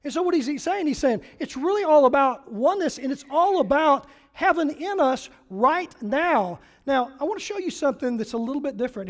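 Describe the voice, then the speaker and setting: A pastor preaching a sermon, reading scripture aloud and throwing questions at the congregation. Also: mid-range voice. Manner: animated, asks the congregation questions; reads and paraphrases scripture aloud.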